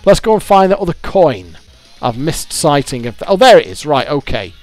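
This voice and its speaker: A man's voice: on the high side, big pitch swings, moderate pace, a little mellow, faint music behind. Swearing, exasperated British man. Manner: swearing, exasperated, self-mocking. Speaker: YouTuber. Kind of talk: gameplay commentary.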